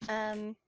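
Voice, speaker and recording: A woman's voice: medium pitch, poor audio. A woman player in a tabletop game, nervous and giggly while describing her character. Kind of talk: casual tabletop play.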